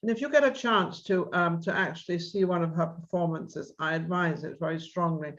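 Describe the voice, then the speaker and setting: A woman's voice: fairly low pitch, a little fast, highs cut off. A woman host of an interview show, talking with enthusiasm in a rambling, restarting way. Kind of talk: casual interview chat.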